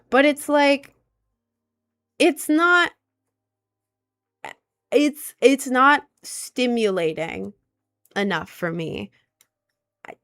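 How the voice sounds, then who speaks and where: A young adult woman livestreaming in a casual, rambling chat, giving frank and animated advice with many fillers. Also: medium pitch, dry recording, studio quality. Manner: chatty and rambling, heavy on filler words.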